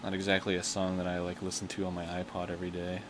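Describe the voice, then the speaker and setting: Very deep-voiced man chatting on a livestream. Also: monotone, fast, background noise. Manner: playful, rambling, chuckling. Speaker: livestream host. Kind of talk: casual livestream chat.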